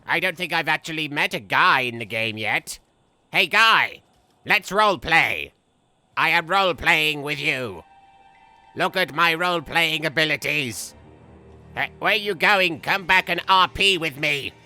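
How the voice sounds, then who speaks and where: A goofy, unhinged young villain, voiced by a man, rambles through gameplay jokes in a slow, drawn-out delivery. His tone is strikingly bright and a bit high, and he breaks into shrill yelps now and then. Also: lively intonation, faint music behind, heavily acted. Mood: rambling. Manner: rambling silly jokes, sudden shrill outbursts. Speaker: gameplay commentator. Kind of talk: comedic let's-play commentary.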